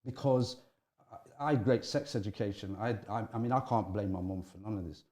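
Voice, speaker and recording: A middle-aged man, an interview guest, telling candid stories from his youth with animated swings in pitch and frequent restarts. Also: brisk.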